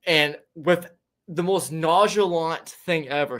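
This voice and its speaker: A man's voice: fairly high pitch, moderate pace, a bit bright. A male podcast host tells a story in loose, casual chat. He swears freely and rambles, often restarting his sentences mid-thought. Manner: profane, rambling, frequent restarts.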